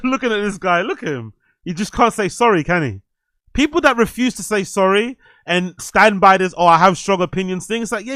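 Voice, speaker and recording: A man's voice: high voice, fairly bright tone, no room sound. A man hosting a podcast, giving blunt, heated, profane reaction commentary on video clips.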